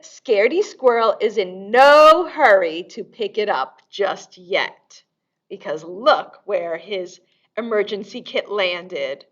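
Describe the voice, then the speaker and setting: A woman's voice: mid-range voice, animated, slow pace, muffled recording. A woman librarian leading a storytime and sing-along for young children, in a sing-song, exaggerated way.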